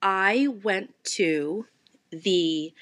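A woman with a South Jersey accent co-hosting a podcast, telling stories in a chatty, animated way. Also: mid-range voice, very slow, dry recording. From South Jersey, USA. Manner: animated, laughing, self-correcting storyteller. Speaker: podcast co-host. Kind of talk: casual chat.

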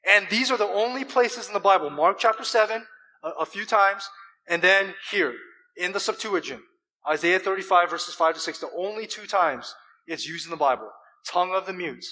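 A man preaching a sermon as pastor, animated and emphatic, with rhetorical questions and deliberate pauses. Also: high-pitched, poor audio. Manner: deliberate pauses and repeated words.

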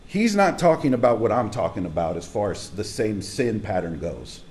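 A man's voice: fairly low pitch, big pitch swings, moderate pace, a little mellow. A man preaching a casual, conversational sermon as a pastor, speaking emphatically and straight to his congregation in a church hall.

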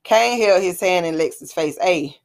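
A woman narrating a scripted drama story in a plain, even reading. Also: on the low side, normal speed.

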